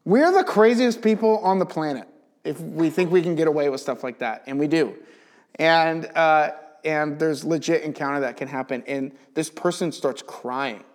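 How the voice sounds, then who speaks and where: A man teaching in a casual, animated way, telling a personal testimony and leaning heavily on "like". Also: on the high side, moderate pace. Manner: animated storyteller, chatty with many "like" fillers. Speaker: Bible teacher.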